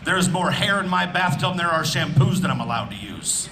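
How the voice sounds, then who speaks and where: A man from Indiana performing a loud, animated stand-up comedy set on an outdoor festival stage, speaking into a handheld mic. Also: on the high side, fairly quick, noisy background. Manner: loud, animated, punching up lines with shouts.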